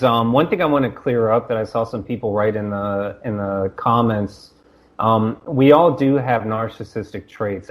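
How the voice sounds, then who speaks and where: A man, a podcast guest, talking casually, starting over often and acting out quoted dialogue. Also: mid-range voice. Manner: halting restarts, acts out quoted dialogue.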